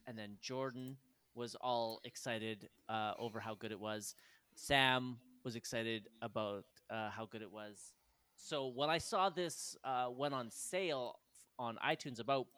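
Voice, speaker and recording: Excitable, foul-mouthed male podcast co-host. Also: mid-range voice, clear, resonant tone. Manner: enthusiastic, swears freely. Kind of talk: casual film review chat.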